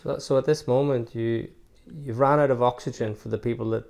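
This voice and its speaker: A man's voice: mid-range voice, steady tone, a little fast, vocal fry, darkish tone. A man hosting an interview, asking questions and summing up the guest's story for listeners. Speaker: podcast host.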